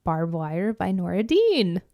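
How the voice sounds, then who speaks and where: A woman's voice: on the low side, big pitch swings, slow pace, mellow, no room sound, studio quality. A woman co-hosting a casual podcast chat, talking about music in an enthusiastic, chatty way with lots of fillers. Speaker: podcast co-host.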